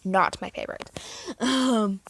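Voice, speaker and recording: A woman's voice: medium pitch, unhurried, slight background noise. A teenage girl vlogging in casual chat, rambling and giggling as she tells stories. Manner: giggly, rambling, animated storytelling.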